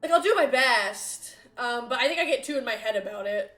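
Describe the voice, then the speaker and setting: Giggly high-voiced woman streamer. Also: lively intonation, a little fast, fairly bright tone, faint music behind. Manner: giggly, chatty, reads chat aloud. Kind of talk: casual live-stream chat.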